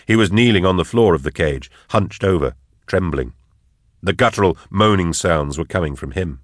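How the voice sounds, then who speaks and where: A man narrating an audiobook in a measured, dramatic way. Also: low-pitched, animated, no echo, studio quality.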